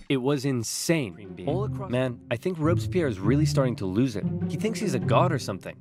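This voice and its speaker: Lively man narrating comedic history. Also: medium pitch, over music. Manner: lively, quick switches between silly character voices. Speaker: narrator doing all the voices.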